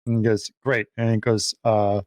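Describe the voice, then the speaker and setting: A man's voice: mid-range voice, expressive, moderate pace, no echo. Guy on a movie podcast, retelling the plot, doing little voices for the characters, dry mic. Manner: retells film plots animatedly, acting out lines. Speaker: podcast co-host. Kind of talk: casual film-discussion chat.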